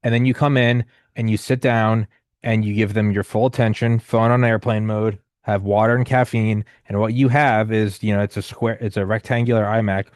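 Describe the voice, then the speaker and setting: Low-voiced man in his thirties, rambling. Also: fairly even intonation, moderate pace, no room sound, studio quality. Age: 30s. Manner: rambling, profane, frequent restarts and fillers. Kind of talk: casual storytelling conversation.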